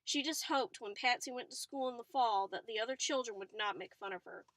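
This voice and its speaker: A woman reading a novel aloud in a chatty way, stopping now and then for excited asides. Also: on the high side, fairly quick, no echo. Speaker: reader.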